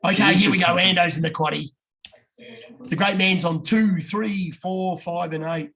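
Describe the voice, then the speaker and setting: High-voiced swearing Aussie man tipping horses. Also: fairly even intonation, sharp tone. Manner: blokey, swears freely, talks fast with quick jumps in pitch. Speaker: podcast co-host giving racing tips. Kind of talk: casual chat.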